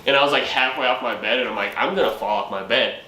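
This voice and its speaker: A young man with a bright, forceful voice tells a comic story in a loose, profane way, acting out what he said back then. The room is echoey, with a faint hum of ambience behind him. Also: medium pitch, fast. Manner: profane, laughing, acts out his own quotes. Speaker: channel host.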